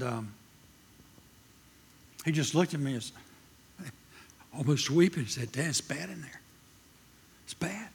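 A man's voice: mid-range voice, slightly rough. An older man preaching a sermon, telling a personal story with emphatic, shifting delivery. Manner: emphatic, swings from loud proclaiming to quiet storytelling.

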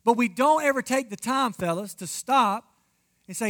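A man's voice: extremely high pitch, lively intonation, normal speed, a bit bright. A man preaching a marriage sermon as pastor, emphatic and addressing the congregation directly.

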